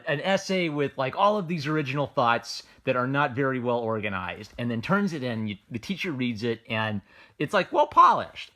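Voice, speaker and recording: A man's voice: mid-range voice, fairly bright tone. A man giving a casual, unscripted review, rambling with a lot of "like" and "uh" and restarting his sentences. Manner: rambling, lots of fillers like "like" and "uh", frequent restarts, amused. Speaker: manga reviewer.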